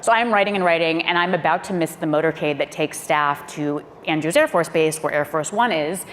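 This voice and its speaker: A woman, a former speechwriter, telling a lively anecdote on a panel, acting out quotes and laughing often. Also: sits low, a little fast. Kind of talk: lively anecdote told to a live audience. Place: auditorium panel event. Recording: long hall reverb, faint room noise.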